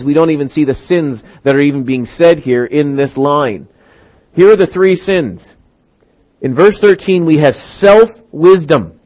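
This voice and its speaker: Male pastor, slightly high voice, animated teaching sermon with acted-out quotes, dull lo-fi sound. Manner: animated, acts out quotes, stretches key words slowly. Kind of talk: expository sermon.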